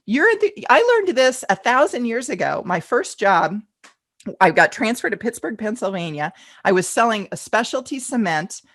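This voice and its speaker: A woman's voice: fairly high pitch, very animated, moderate pace, fairly bright tone. Chatty woman teaching a live online class. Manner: chatty and enthusiastic, reads out attendee questions and answers them. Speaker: fundraising event consultant teaching a class.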